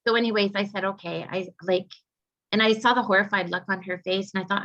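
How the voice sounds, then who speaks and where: A woman's voice: medium pitch, fairly even intonation, fairly quick, a bit bright. A woman, a psychic medium, earnestly recounting a personal story in an interview, with frequent fillers. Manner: earnest, heartfelt retelling with many fillers. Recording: slightly muffled lo-fi recording.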